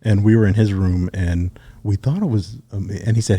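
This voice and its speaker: Middle-aged male guest, deep and mellow, laid-back storyteller. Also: normal speed, breathy edge, no room sound. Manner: relaxed storyteller, acts out quoted dialogue. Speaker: guest, retired Navy SEAL sniper. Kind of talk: casual storytelling interview.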